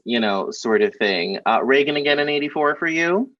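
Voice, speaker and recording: A man hosting a podcast, reasoning through history in a measured way and prompting his guest. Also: fairly high pitch, lively intonation, dry recording. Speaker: podcast host. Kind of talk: casual political conversation. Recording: dull dry sound.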